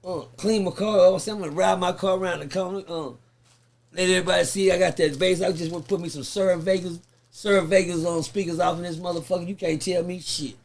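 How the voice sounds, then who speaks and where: A man guesting on a podcast tells a profane story in casual conversation, lively and acting out the voices of the people he quotes. His voice is high and a little fast.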